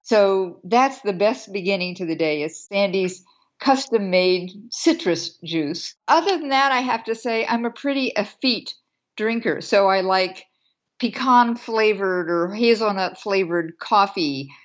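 A woman's voice: mid-range voice, a little slow, highs cut off. A woman in her seventies, chatting as an interview guest in a witty, laughing manner. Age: 70s. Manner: warm, witty, laughs often. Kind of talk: casual interview chat.

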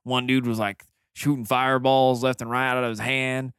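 Gravelly-voiced man running a tabletop game. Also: medium pitch, level tone, normal speed, fairly bright tone, no room sound, clean studio sound. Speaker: game master. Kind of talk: voicing an old villager in a tabletop game.

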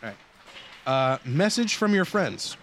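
A man's voice: a little high, very animated, slow, fairly bright tone, slight background noise. A man co-hosting a casual podcast, reading listener email and giving blunt, joking opinions. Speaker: podcast co-host.

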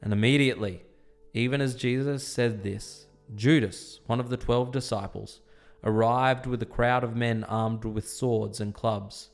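Man reading scripture over soft music. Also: medium pitch, steady tone, unhurried. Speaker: scripture reader. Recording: soft instrumental music underneath. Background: faint instrumental music.

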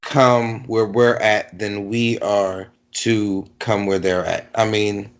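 A man's voice: on the low side, clean tone. Man, casual chat, long explanations, muffled lo-fi sound. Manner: relaxed, drawn-out explaining with many asides. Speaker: podcast co-host. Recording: dull lo-fi sound.

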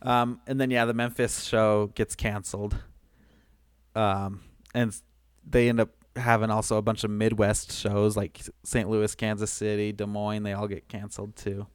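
Guy with a lowish smooth voice, chill film chat, lots of ums, dry sound. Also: moderate pace, no room sound. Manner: relaxed, laughs often, trails off with ums. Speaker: podcast co-host. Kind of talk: casual chat recapping a film.

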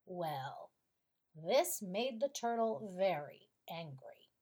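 Slow, breathy woman telling bedtime stories. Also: a little high, sing-song. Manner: gentle, soothing, drawn-out. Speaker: podcast storyteller. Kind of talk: bedtime story reading.

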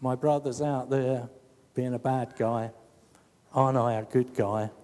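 A preacher voicing a resentful elder brother who whines about being overlooked. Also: male voice, mid-range voice, steady tone, unhurried, darkish tone, long reverb tail, close to an everyday voice. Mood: whining. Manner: whiny, self-pitying complaining. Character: resentful elder brother, grown man, whining martyr.

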